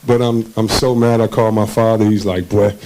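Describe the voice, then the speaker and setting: A man's voice: lowish voice, flat delivery, fairly quick, darkish tone, slight background noise, low-quality recording. A man, a former basketball player being interviewed on a conference stage, tells his stories casually and animatedly, acting out the voices of people he quotes and laughing often.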